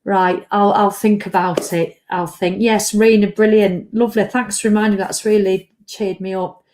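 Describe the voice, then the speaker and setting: A woman's voice: medium pitch, normal speed, a little hiss or hum. Lady chatting live to her viewers, bubbly and reacting to comments. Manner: chatty, lively, reads out comments. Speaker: livestream host. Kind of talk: casual live chat to viewers.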